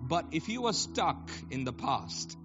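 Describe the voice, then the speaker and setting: Male preacher, high voice, fervent and repetitive, swells into shouts over live keys; muffled recording. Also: big pitch swings, unhurried. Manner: impassioned, repetitive, builds to shouted and sung declarations. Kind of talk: sermon. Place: church. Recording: dull lo-fi recording with keyboard music. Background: live keyboard playing.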